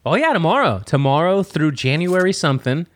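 A man's voice: fairly high pitch, big pitch swings, a little fast, dry recording. A man co-hosting a casual political podcast, talking bluntly and profanely and laughing often. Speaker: podcast co-host.

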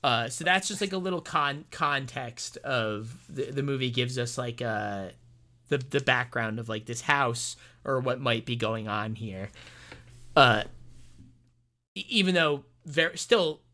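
A man with a bright, crisp tone in a loose movie-review conversation. He rambles along, stumbling over restarts and fillers as he pieces together his thoughts on the plot. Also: medium pitch. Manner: rambling, halting, many restarts and fillers, laughs easily. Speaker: podcast co-host. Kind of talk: casual movie review chat.

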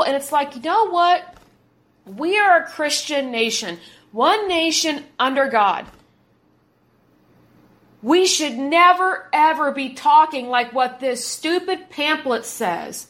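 A woman's voice: high-pitched, a bit bright. A woman in her thirties hosting an opinionated commentary podcast, talking in an indignant, emphatic way and repeating words for stress. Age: 30s. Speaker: podcast host.

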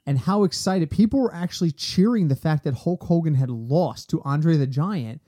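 A man hosting a sports podcast in casual chat, animated and ranting in quick bursts. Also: on the high side. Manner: animated, talks fast in bursts and rants.

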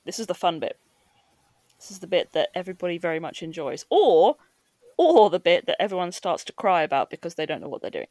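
A woman hosting a podcast, chatting casually with quick asides and frequent laughs. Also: fairly low pitch, big pitch swings, a little mellow, dry recording. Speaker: podcast host. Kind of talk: casual chat.

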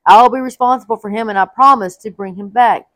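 A woman's voice: fairly high pitch, fast talker, fairly bright tone, dry recording, lightly acted. A woman voicing a solemn eldest son who makes an earnest vow, as she reads a Bible story aloud.

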